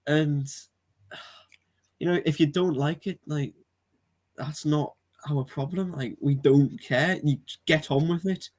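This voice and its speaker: A man's voice: on the high side, a little mellow. Earnest English man, podcast co-host. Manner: earnest, opinionated, slightly halting. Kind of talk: casual football podcast chat.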